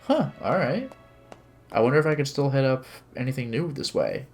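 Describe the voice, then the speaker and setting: A man's voice: mid-range voice, big pitch swings, moderate pace, vocal fry, a little mellow, soft background music. A man playing a visual novel on stream, chatting casually and reading its narration and dialogue aloud with light character voices. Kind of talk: casual game commentary with read-aloud narration.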